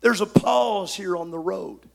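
Preacher, male, very high gravelly voice, emphatic sermon delivery with shouted peaks. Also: measured pace. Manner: emphatic, swings from shouted lines to soft asides.

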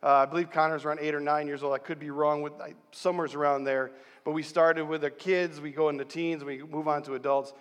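A middle-aged man from central New York preaching a sermon as pastor, telling stories in an animated way and rallying the congregation. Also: on the high side, fast. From central New York, USA. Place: large church hall. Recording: long hall reverb.

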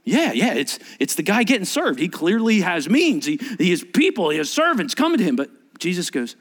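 A man's voice: high voice, big pitch swings, brisk. Guy preaching, talks to the room like a chat, voice jumps all over, acts out the quotes. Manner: conversational preaching with rhetorical questions. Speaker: pastor. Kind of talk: sermon.

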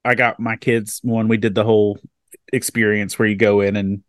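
A man hosting a podcast interview, chatting casually and telling stories with animated energy. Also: fairly low pitch, moderate pace, no echo, clean studio sound. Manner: animated storyteller, casual and excitable. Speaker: podcast host.

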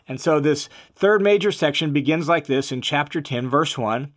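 Male Bible teacher, a touch high in pitch. He explains in a relaxed, unscripted way and leans on key words for emphasis. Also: normal speed. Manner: conversational, steady, with frequent fillers and restarts.

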